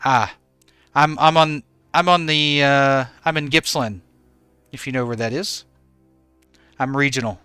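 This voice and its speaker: Male streamer, bright and smooth, relaxed and chatty with viewers, dry close mic. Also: mid-range voice, a little slow, long pauses, dry recording, faint music behind. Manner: easygoing, greets and thanks chatters by name. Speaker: game streamer. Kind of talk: live stream chat with viewers. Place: home in regional Australia.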